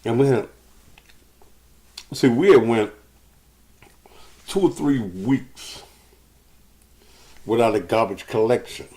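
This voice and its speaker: A man's voice: medium pitch, darkish tone. A middle-aged man hosting a loose live talk, cursing and rambling while out of breath. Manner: loose, profane, rambling storytelling. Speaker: show host. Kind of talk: casual live talk to viewers.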